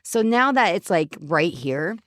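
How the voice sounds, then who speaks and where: A woman's voice: lowish voice, sing-song, unhurried, a bit bright, no room sound. Give me a bubbly, self-mocking woman co-host with a dry, close mic sound. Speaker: podcast co-host. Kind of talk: casual chat.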